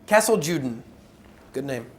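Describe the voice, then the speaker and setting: A man reading stage directions aloud at a rehearsal in a dutiful, flat way. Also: medium pitch, normal speed, a little hiss or hum, close to an everyday voice.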